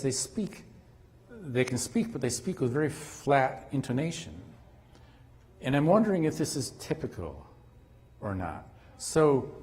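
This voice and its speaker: A man giving an academic conference lecture, halting at times with restarts and fillers. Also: mid-range voice, darkish tone. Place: conference hall. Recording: long hall reverb.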